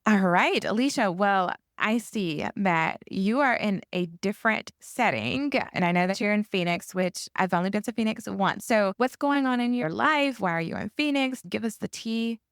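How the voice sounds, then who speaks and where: A woman's voice: mid-range voice, lively intonation, moderate pace, hardly any pauses, dry recording, clean studio sound. A woman co-hosting a podcast, speaking in a friendly, reflective way in casual chat. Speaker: podcast co-host.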